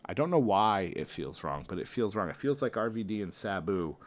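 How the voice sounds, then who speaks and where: A man casually commentating and thinking aloud while ranking tag teams, weighing options with excited outbursts and playful asides. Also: lowish voice, a little fast. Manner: self-deprecating, playful asides. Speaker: host ranking a wrestling tag team bracket.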